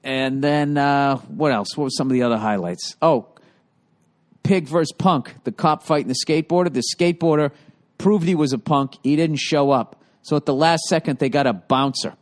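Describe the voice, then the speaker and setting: A man's voice: mid-range voice, normal speed. A man hosting a podcast, telling stories in a casual comedic monologue, with profane, rambling delivery. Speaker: podcast host.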